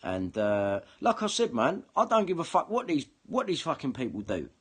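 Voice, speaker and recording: Husky angry man ranting. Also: mid-range voice, wildly swooping pitch, moderate pace, a bit bright. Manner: swearing heavily, combative, repeats himself. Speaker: online video commentator. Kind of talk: angry ranting monologue to camera.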